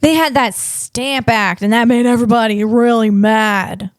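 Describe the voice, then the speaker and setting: Rambling higher-pitched woman podcast host. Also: a little slow, dry recording, studio quality. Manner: rambling and digressive, lots of restarts. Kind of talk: casual podcast chat.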